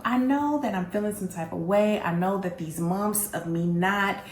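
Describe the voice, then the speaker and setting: A woman hosting a candid storytelling vlog, telling her story in an animated, blunt way and speaking straight to her audience. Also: mid-range voice, a little slow, few pauses, roomy sound. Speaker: vlog host.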